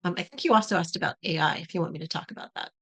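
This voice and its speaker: A woman with a lowish voice talks through her points on a remote call. She is measured and steady, with the odd "um" along the way, in a casual podcast chat. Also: husky. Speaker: podcast guest, company executive.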